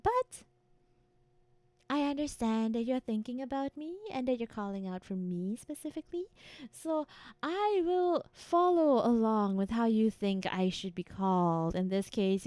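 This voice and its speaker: A woman's voice: fairly high pitch, darkish tone, no echo. Giggly, playful young woman streamer. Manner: playful, giggly, teasing in a mock-menacing eldritch persona. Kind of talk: casual live-stream chat with chat.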